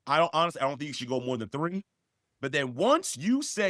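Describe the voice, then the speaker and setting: A man's voice: on the high side, sing-song, a little fast, a bit bright, dry recording, clean studio sound. A man co-hosting a podcast, giving emphatic, repetitive advice that rises sharply when he stresses a point. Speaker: podcast co-host.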